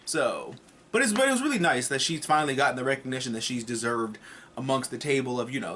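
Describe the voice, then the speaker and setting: A man talks through a TV episode review in a loose, conversational vlog style. He rambles, swears freely and throws in jokey asides, and his voice sits at an ordinary middle pitch. A faint hiss runs under his speech. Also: animated, normal speed, a bit bright. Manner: rambling and profane, with joking asides.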